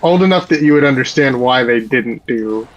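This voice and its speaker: A man chatting slowly and hesitantly with friends during an online game. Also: mid-range voice, animated, muffled recording, slight background noise. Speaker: gaming friend. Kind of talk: casual gaming chat.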